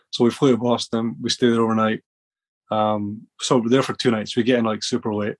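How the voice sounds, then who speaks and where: A man's voice: lowish voice, flat delivery, fairly quick. A man from Scotland, a podcast guest telling rambling stories with many restarts. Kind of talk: casual storytelling.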